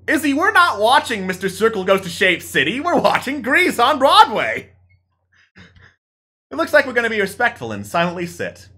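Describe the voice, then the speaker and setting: A man's voice: on the high side, pushed and bright. A man streaming a text adventure, narrating playfully to chat in a mock-dramatic way.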